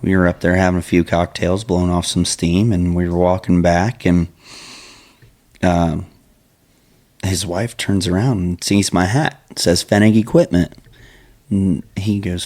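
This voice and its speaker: A man's voice: sits low, steady tone, unhurried, a little mellow. A man co-hosting a casual chat, laid-back, often answering with short agreements. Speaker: co-host.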